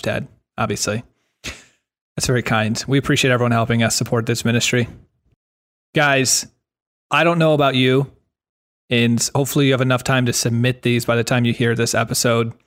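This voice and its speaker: A man co-hosting a podcast, talking in an enthusiastic, animated way. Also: mid-range voice. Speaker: podcast co-host. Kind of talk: casual chat.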